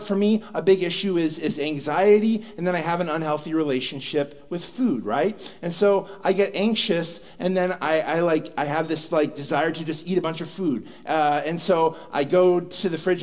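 A man's voice: fairly high pitch, darkish tone. A man preaching a sermon as pastor, telling stories and acting out quoted prayers and dialogue. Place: church sanctuary.

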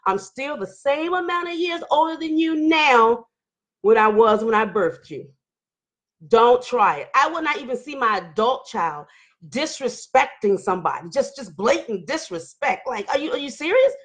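A woman's voice: high voice, expressive, moderate pace. A middle-aged woman hosting a live online talk show, reading viewer comments and preaching with fired-up energy, hollering at times.

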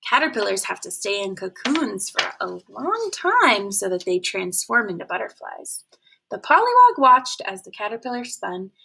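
A woman reading a picture book aloud to children in an animated way, often pausing to ask them questions. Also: mid-range voice, creaky, slight background noise.

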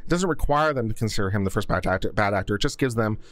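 A man hosting a law commentary live stream, chatting with viewers and answering their questions. He is a self-described geek who rambles cheerfully and grows louder as he gets excited. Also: lowish voice, rapid-fire. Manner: gets loud and projects when excited.

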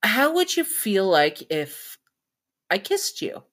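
A woman voicing a nervous teenage girl with a crush in a role-play story, speaking shyly and haltingly. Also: medium pitch, sing-song, fairly bright tone, pitched above the performer's own voice. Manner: shy, halting.

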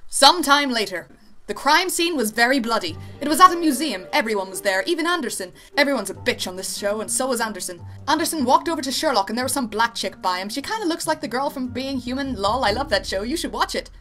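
A woman reading a parody fan story aloud, deadpan, with sarcastic asides. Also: a little high, quick pace, soft background music. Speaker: narrator.

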